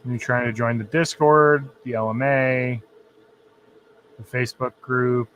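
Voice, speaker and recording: A man's voice: mid-range voice, fairly even intonation, a little slow, fairly bright tone. Laid-back guy reading chat on a stream, bit of hiss in the background. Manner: easygoing, answers chat questions directly. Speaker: livestream host. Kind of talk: casual livestream chat.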